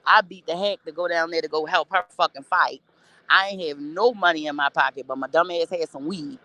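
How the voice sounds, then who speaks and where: A woman's voice: fairly low pitch, a bit bright. A blunt woman speaks in a candid storytelling monologue. She curses freely and stresses her points hard. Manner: blunt, profane, emphatic. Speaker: rapper telling her life story.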